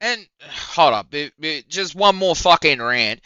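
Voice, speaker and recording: A man rants on his stream with a swinging, animated pitch and a bright, forceful edge to his voice. He swears constantly and sounds incredulous and mocking. The sound is dry and a little dull, like a modest home mic. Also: a little slow, hardly any pauses, smooth, no echo. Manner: profane, heated and incredulous, with mocking laughs. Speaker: streamer reacting to a clip. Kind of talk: ranting reaction commentary.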